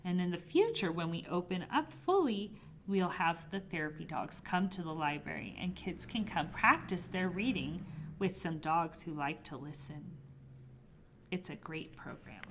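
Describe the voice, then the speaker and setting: A woman librarian reading a picture book aloud to preschoolers, with expressive, swooping emphasis. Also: lowish voice, moderate pace, a little hiss or hum. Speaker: children's librarian.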